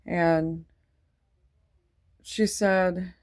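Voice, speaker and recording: A woman's voice: lowish voice, fairly even intonation, very slow. A woman casually telling a faith testimony in a rambling, digressive way, full of fillers, earnest and devout. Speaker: Christian testimony vlogger.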